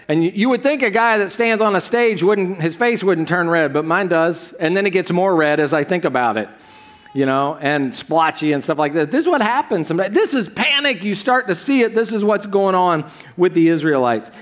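A man preaches from a church stage in a loose, conversational way, tossing questions and asides to the congregation. His voice sits a little higher than most men's. He keeps things animated and chatty rather than formal. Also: normal speed. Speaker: pastor. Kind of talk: sermon.

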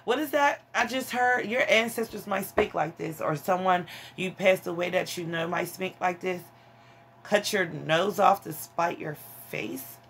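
A woman's voice: on the low side, measured pace, heavy background noise. A woman giving a casual tarot reading to her viewers, frank and emphatic, calling them honey and child. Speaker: tarot reader.

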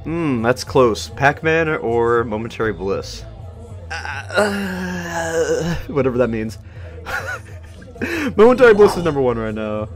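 A young man casually rambling and reacting to songs as a host, excitable and self-mocking. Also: medium pitch, unhurried. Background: faint song music playing.

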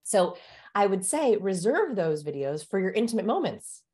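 A woman speaking as a guest expert in an interview, explaining ideas in an animated, teacherly way, speeding up and slowing down for emphasis. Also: medium pitch.

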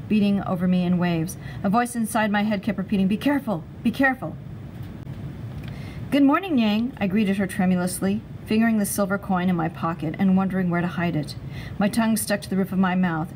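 A woman's voice: fairly low pitch, background noise. Woman reading a chapter book aloud. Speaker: reader.

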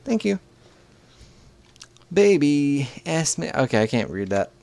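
A man's voice: on the high side, big pitch swings, takes it slowly, darkish tone. A man giving casual, joking gameplay commentary, swearing freely and talking back to the characters on screen. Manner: profane, joking, talks back to the game. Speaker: video game let's player.

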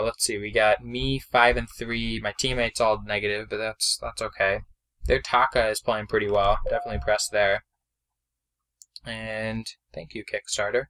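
A young man giving casual, chatty commentary over his own mobile game, excitable and self-deprecating, speaking into a desk mic. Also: mid-range voice. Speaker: gameplay commentator.

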